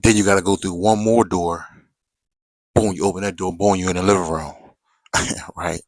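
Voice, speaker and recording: A man spins a story in a low voice, loose and full of slang, tossing in "right?" every few lines. The sound is close and dry, with no room around it. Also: fairly even intonation, normal speed, dry recording. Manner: slangy, chatty, repeats "right?" and "you know". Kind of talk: casual storytelling to viewers.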